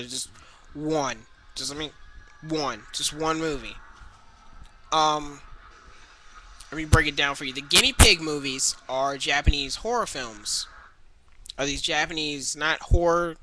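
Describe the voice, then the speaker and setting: A young man talks straight into a webcam mic and reviews films in a loose, rambling rant that keeps restarting its sentences. His voice sits a little high and sounds very bright, almost sharp. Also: rough recording. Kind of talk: casual webcam movie rant.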